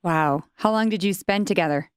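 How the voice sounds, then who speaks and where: Woman podcast host, short questions, smooth clear voice, slightly low, dry sound. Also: moderate pace, no echo. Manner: brief prompting questions. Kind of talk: interviewer questions.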